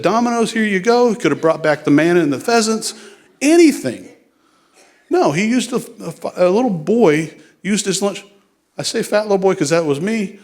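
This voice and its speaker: A man preaching a sermon as a guest speaker in a church, joking and animated, then hushed and earnest in prayer. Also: high-pitched. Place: church sanctuary. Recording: clear music in background.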